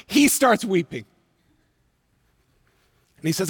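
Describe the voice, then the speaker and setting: A man preaching a sermon, telling a personal story in an earnest, emotional way and slowing down for emphasis. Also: high-pitched, in a large hall. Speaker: pastor. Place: church sanctuary.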